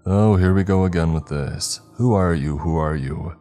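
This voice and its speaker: A man's voice: very deep voice, normal speed, mellow, faint music behind. A man putting on a sneering, taunting unseen spirit. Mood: mocking. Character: mocking unseen male spirit brother, cruel and condescending.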